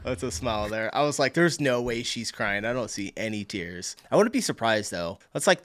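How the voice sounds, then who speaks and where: A man's voice: lowish voice, fairly bright tone, no echo. A man from the United States hosting a reaction video, chatting casually, laughing often and reading comments aloud.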